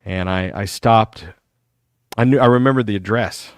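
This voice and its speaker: A man's voice: on the low side, normal speed, dry recording. Middle-aged man rambling on a live show. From United States. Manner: animated storytelling, acts out other people's lines. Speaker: talk show host. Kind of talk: rambling live-stream monologue.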